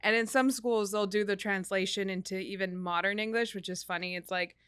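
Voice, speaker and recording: Woman host, mid-pitched smooth voice, dry close sound, attentive conversational listener. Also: fairly even intonation, brisk, fairly bright tone, no echo. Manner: attentive listener, backchannels and laughs often. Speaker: podcast host. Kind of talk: casual conversation.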